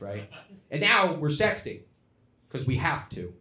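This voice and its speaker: A young man from Florida doing a stand-up comedy set on a club stage, dropping to low mumbled asides and then shouting his punchlines. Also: sing-song, measured pace. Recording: roomy club sound. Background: audience laughter.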